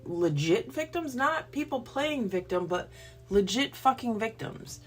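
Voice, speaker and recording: A woman's voice: a little high, sing-song, a little slow, soft background music. A woman, hosting a livestream and ranting bluntly and profanely before a Bible reading. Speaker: livestream host. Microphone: phone or computer livestream.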